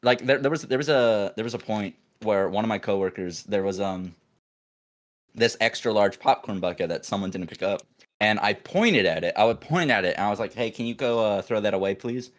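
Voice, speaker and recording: A young man, a podcast co-host, telling a work story in a rambling, animated way, full of restarts and acted-out quotes. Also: lowish voice, fairly quick. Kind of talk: casual storytelling chat.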